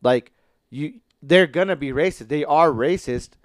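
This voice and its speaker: A man's voice: on the high side, unhurried, dry recording. A man in casual podcast chat about TV shows, rambling with many fillers and restarts and swearing casually.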